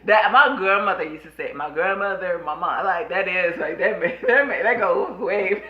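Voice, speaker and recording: A woman co-hosting a podcast with her husband, chatting casually and with liveliness, often restarting her sentences. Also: on the low side. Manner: lively, talks in halting restarts. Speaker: podcast co-host. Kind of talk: casual chat. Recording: echoey room, slightly dull lo-fi sound.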